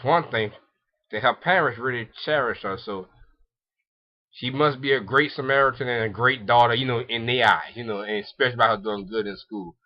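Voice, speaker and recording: A young man talks through an anime episode in a loose, rambling recap, stumbling over words and filling gaps with ums. His voice sits at a mid pitch. The recording sounds dull and lo-fi. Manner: rambling, many ums and restarts, laughs often. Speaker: anime reviewer.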